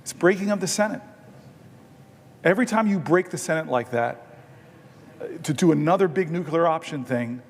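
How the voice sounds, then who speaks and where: A man, a senator holding the floor, telling a personal story with self-deprecating humor in an extemporaneous floor speech in a large legislative chamber. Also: high voice. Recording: long chamber reverb.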